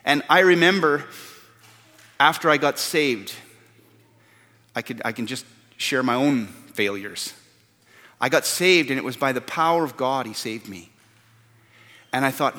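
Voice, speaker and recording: A man's voice: mid-range voice, lively intonation, unhurried, pauses often, sharp tone. A man preaching a sermon as pastor, earnest and repeating words for stress. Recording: long hall reverb.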